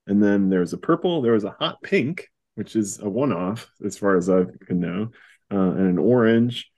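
A man co-hosting a casual comics podcast, chatting in quick, wry bursts. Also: fairly low pitch, animated, a little mellow. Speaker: podcast co-host. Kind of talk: casual chat.

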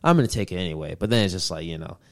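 A podcast guest, a man with a lowish voice, tells stories in relaxed, slangy chat and laughs often. The recording is dry and close, with no room sound. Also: very fast, dry recording. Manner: laid-back storytelling, laughing often, slangy. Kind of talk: casual chat.

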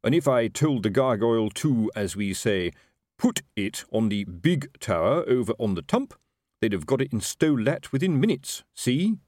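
A man's voice: medium pitch, sing-song, normal speed, darkish tone, no room sound, pitched above the performer's own voice. A man voicing a blustering, self-important middle-aged sergeant in an audiobook, with a raised, wheedling voice. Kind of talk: audiobook character voice.

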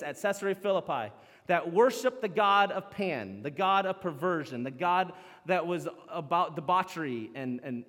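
A man preaching a sermon as pastor, animated, acting out the lines he quotes. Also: sits high. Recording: long hall reverb.

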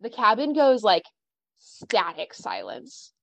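A woman's voice: mid-range voice, huge pitch swings, takes it slowly, gravelly. Woman narrating a horror tabletop game. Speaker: game master. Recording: dry, slightly muffled recording.

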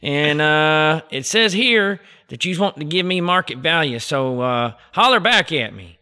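Seorang pria memerankan petani desa yang lantang dan medok. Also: male voice, on the high side, lively intonation, a little slow, bright, forceful tone, clean tone, pitched above the performer's own voice, exaggerated voice. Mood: folksy. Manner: hollering, folksy slang. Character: folksy rural male landowner, loud and drawling.

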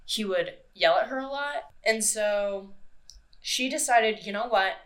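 A woman hosting a casual true-crime podcast, chatty and quick to swear and laugh. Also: mid-range voice, fairly bright tone. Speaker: podcast host.

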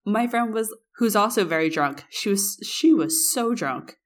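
A young woman co-hosting a podcast, telling a casual story in an animated way and acting out the quotes. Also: mid-range voice, unhurried. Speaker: podcast co-host.

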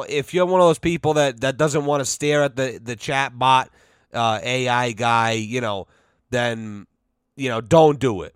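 Male podcast host, mid-pitched, dry close sound, profane rambling storyteller. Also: clear, resonant tone, no echo. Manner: profane, rambling, with many fillers; animated storytelling. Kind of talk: casual podcast rant.

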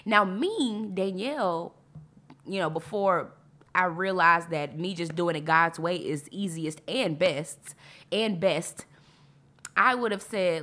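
A woman with a slightly low voice leads a devotional Bible teaching on her podcast. She reads scripture aloud, then breaks it down in a chatty, emphatic way. She circles back to key phrases for emphasis. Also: slow, a bit bright. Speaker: podcast host.

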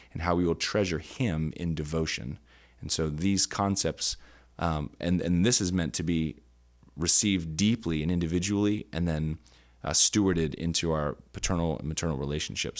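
A man co-hosting a church podcast, teaching earnestly on scripture in casual talk, searching for words with many fillers. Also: sits low. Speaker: podcast co-host. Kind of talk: conversational Bible teaching. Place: indoor podcast studio.

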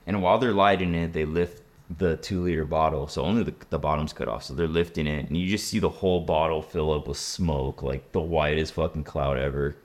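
A young man hosting a casual podcast, telling a story in a laid-back, profane and lively way. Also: rumbling low, fairly quick. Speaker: podcast host.

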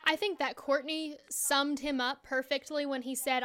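Woman co-host, high voice, lilt, chatty animated podcast recap. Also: normal speed. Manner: chatty, animated storyteller with fillers. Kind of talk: casual recap chat.

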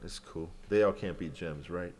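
A man's voice: low-pitched, moderate pace, darkish tone. A man hosting a podcast alone, rambling and joking with lots of swearing, then freestyle rapping. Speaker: podcast host. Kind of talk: casual solo commentary and freestyle rap.

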